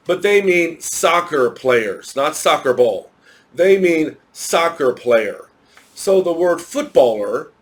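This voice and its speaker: A man teaching English to children in a recorded lesson, explaining patiently with repeated examples. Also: a little high.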